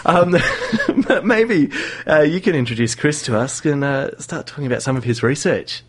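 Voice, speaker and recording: A man's voice: a little high, expressive, moderate pace, slightly rough. A man hosting a casual radio science show, chatty, laughing often and using plenty of fillers.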